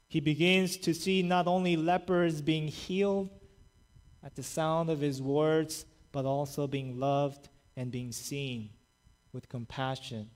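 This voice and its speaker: A male pastor preaching a sermon and retelling scripture stories in a lively, conversational way. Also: on the high side. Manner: animated storytelling, paraphrasing scripture conversationally.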